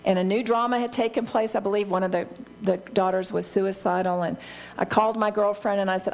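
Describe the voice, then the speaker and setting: A woman's voice: medium pitch, steady tone, brisk, darkish tone. Older lady teaching bible study, heartfelt and earnest, keeps restarting her sentences.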